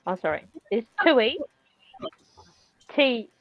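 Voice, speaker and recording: A woman's voice: a little high, big pitch swings, slow pace, dry recording, lo-fi sound. A woman from New Zealand chatting on a group video call, giggly and rambling.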